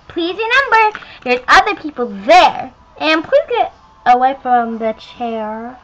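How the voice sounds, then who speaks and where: A woman's voice: high-pitched, expressive, measured pace, a bit bright, poor audio. A woman voicing dolls in a homemade toy play, chatty and bossy. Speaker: doll play narrator and voices. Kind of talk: toy doll role-play.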